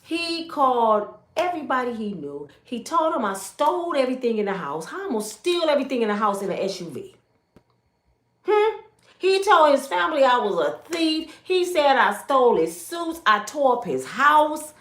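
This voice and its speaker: In a roomy-sounding space, a middle-aged Michigan woman shares her testimony with emotion and emphasis, quoting conversations throughout. Her voice is high and sing-song, fairly bright, at a moderate pace.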